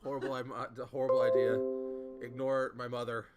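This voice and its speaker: A man co-hosting a live-streamed chat show, chiming in with dry, deadpan quips. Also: mid-range voice, moderate pace, over loud music. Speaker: podcast co-host.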